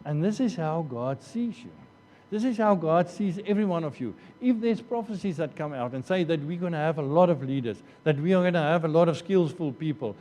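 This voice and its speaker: A man's voice: fairly high pitch, expressive, moderate pace, warm tone. Man preaching in an echoing church hall. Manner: earnest, repeats phrases and restarts often. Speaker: pastor. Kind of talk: sermon. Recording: long church hall reverb.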